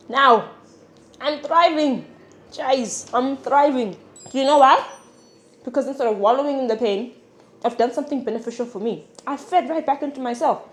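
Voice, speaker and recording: A young woman vlogger chatting frankly while she cooks and eats, swearing now and then, with sniffles and sudden emphatic bursts. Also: fairly high pitch. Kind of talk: casual chat while cooking and eating. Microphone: clip-on mic.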